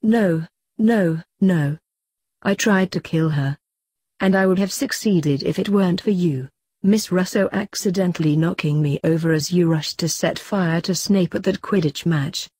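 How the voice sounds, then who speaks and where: A woman voicing a cold, smug male villain teacher who mocks calmly. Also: on the low side, measured pace, husky. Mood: coolly smug. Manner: calm, coolly mocking.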